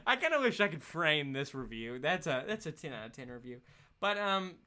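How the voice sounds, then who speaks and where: A man's voice: a little high, animated, normal speed, sharp tone. Young guy rambling on his podcast, laughs a bunch, voice goes up and down a lot. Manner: laughs often, rambling and chatty. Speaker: podcast host. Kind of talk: casual solo podcast rant.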